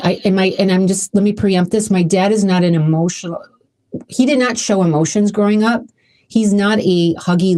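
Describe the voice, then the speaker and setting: A woman's voice: medium pitch, warm tone. A woman hosting her own podcast, talking casually and emotionally with many restarts. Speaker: podcast host. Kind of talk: casual solo podcast talk.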